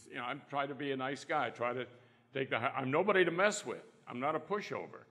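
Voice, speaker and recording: Brisk and bright, with a pushed medium-pitched voice, this folksy older man spins anecdotes as a trial lawyer on a panel, acting out the quotes. The conference hall gives the talk a long reverb.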